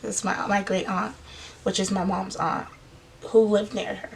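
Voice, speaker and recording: Creaky-voiced young woman telling a story. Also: medium pitch, little pitch movement, a little slow. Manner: emotional, retells events by acting out others' words. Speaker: vlogger. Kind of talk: casual personal storytelling.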